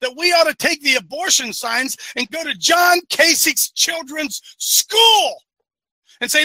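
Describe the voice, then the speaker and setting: A man preaching with fire to a live online audience, often raising his voice to a shout. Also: very high-pitched, big pitch swings, a little slow, no room sound. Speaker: host and preacher of an online show.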